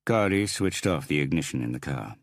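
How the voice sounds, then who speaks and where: Very deep, gravelly male narrator. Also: lively intonation, a little fast, no echo, clean studio sound. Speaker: audiobook narrator. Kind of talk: scripted audiobook narration.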